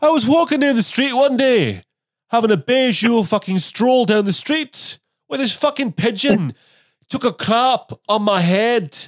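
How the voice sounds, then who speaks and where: A man putting on an impression of a gruff comedian, telling a story with plenty of swearing and a booming delivery. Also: expressive, unhurried, no room sound, studio quality. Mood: indignant.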